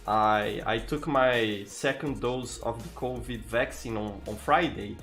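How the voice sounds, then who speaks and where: A man's voice: mid-range voice, measured pace, soft background music. A tired man from Brazil with a Brazilian accent, chatting casually as a live streamer and greeting viewers by name. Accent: Brazilian Portuguese. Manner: greets viewers by name, frequent restarts, relaxed.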